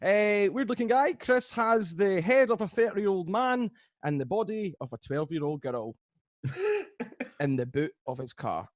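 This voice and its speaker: A man's voice: high voice, lively intonation, unhurried, dry recording, clean studio sound. A man hosting a comedy game show over a video call, teasing the players and laughing at his own jokes.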